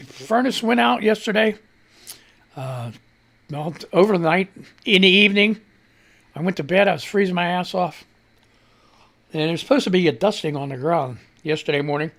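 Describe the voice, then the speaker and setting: A man from Missouri with a high, fairly bright voice hosts a live radio show. He rambles casually, reads out social media posts, laughs a lot and swears freely.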